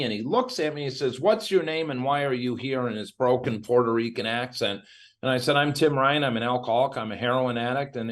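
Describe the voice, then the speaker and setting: A man from Illinois, a guest in an interview, telling his story in a candid, animated way and acting out what others said. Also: mid-range voice. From Illinois, USA.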